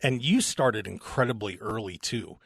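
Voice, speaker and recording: A man's voice: lowish voice, lively intonation, moderate pace, creaky, fairly bright tone, slightly rough, no echo, studio quality. A man hosting a radio show, talking in an upbeat, joking way. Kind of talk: casual radio talk. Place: radio studio.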